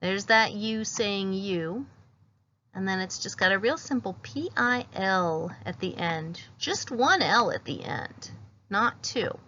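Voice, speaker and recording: A woman's voice: mid-range voice, animated, slow pace, pushed and bright, muffled recording, slight background noise. A woman teacher giving a patient phonics lesson, sounding out each letter as she writes words.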